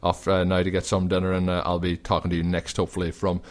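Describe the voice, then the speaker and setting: A man's voice: deep voice, monotone. A man hosting a sports podcast, chatting casually through game picks with plenty of fillers. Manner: chatty, quick predictions with fillers. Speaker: podcast host. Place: recording while travelling.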